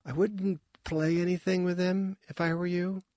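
A man voicing a guarded young woman who guides newcomers, speaking in low, dry murmurs. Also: level tone, moderate pace, dark tone, no echo, natural voice. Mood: wry.

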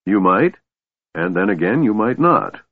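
A man voicing a stubborn old male dwarf who is gruff and proud and grumbles and blusters. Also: on the low side, big pitch swings, measured pace, exaggerated voice. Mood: grumpy. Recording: tinny phone-like band, dry.

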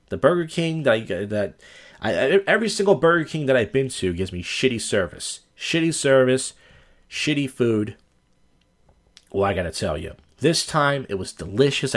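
A man hosting a podcast, telling crude, rambling, self-deprecating stories in a casual monologue. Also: mid-range voice. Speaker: podcast host.

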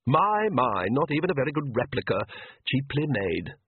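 A man's voice: mid-range voice, big pitch swings, normal speed, husky, voice pushed up. A man voicing a contemptuous, aristocratic male vampire count who drawls with lofty scorn, heard as tinny phone-like audio. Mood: scornful. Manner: sneering, drawling and condescending.

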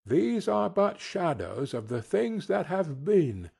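A man putting on a gentle old spirit, raised soft and husky, speaking with slow solemn care in a storybook tale. The lilting voice rises and falls as it guides the listener. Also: on the high side, very animated, voice pushed up, exaggerated voice. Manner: mild, measured.

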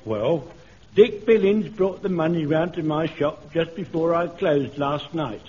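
An actor playing a flustered old butcher. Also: male voice, on the high side, unhurried, a little mellow, natural voice. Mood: eager. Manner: fussy, repeats himself, rising to frantic. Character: flustered elderly male butcher, easily panicked. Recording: dull old radio broadcast with faint hiss.

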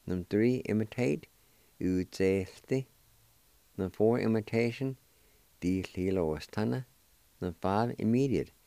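A man hosting a radio language lesson, spelling words letter by letter and pronouncing them slowly and deliberately. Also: fairly low pitch, creaky, dark tone, no room sound. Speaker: radio host teaching language.

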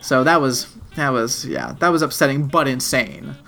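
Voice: mid-range voice, sing-song, moderate pace, vocal fry, bright, forceful tone. A podcast co-host in casual chat, retelling a TV episode in a rambling, profane way with lots of "like". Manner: rambling and profane, heavy use of "like".

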